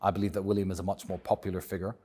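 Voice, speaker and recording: A man with a British accent, talking as a guest in an interview in a measured, reflective and outspoken way. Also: low-pitched, flat delivery, warm tone. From England. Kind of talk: casual interview talk.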